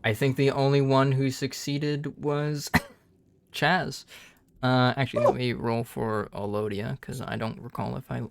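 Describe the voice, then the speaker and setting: A man narrates as game master of a tabletop game, taking his time with frequent pauses and fillers. His voice sits at an ordinary pitch, and the recording is dry with little room sound. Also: flat delivery, gravelly, no room sound. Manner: unhurried, with many pauses and fillers.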